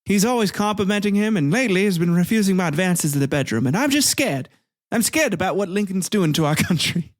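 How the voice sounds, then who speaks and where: Guy doing a nervous gossipy southern wife, voice pushed up high. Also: expressive, fast, dry recording, clean studio sound. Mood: fretful. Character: fretful Southern wife writing a diary.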